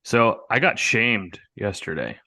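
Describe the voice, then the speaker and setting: A young man on a podcast, co-hosting and swearing freely as he tells animated stories in casual chat. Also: on the low side, slow, dry recording. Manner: profane, animated storyteller. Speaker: podcast co-host.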